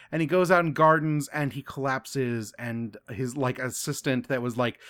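A man co-hosting a podcast, casually recapping a book with frequent laughs and quick acted-out quotes. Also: mid-range voice, fairly bright tone. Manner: laughing often, acting out characters' lines in quick bursts. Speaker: podcast co-host.

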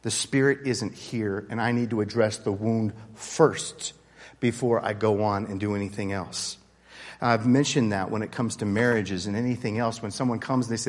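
A man's voice: fairly low pitch, steady tone, moderate pace, big-room sound. A man leading a casual Bible study group, talking earnestly and conversationally, often restarting his sentences. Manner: earnest, conversational, with frequent restarts and rising intensity.

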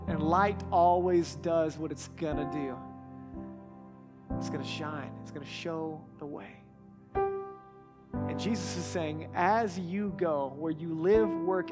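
Pastor, sermon, emphatic repetition, conversational asides, mid pitch, soft music behind. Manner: emphatic, repeats key words for stress.

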